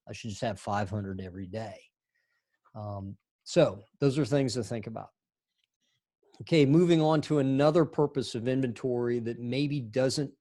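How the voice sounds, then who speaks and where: A man's voice: mid-range voice, a little mellow, dry recording, studio quality. A middle-aged man giving a recorded lecture as an instructor, talking conversationally with rambling asides.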